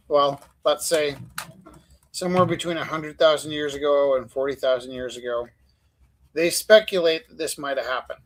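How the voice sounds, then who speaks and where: A man's voice: a little high, low-quality recording. A man hosting a live art stream, chatting casually and telling rambling stories full of fillers while he draws. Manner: rambling storyteller, many fillers. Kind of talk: casual chat while drawing.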